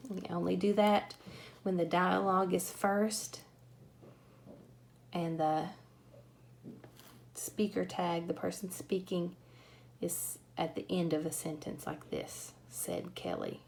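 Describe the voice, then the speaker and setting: A woman teaching a grammar lesson, explaining punctuation slowly and patiently. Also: on the low side, little pitch movement, gravelly, a little mellow, slight background noise.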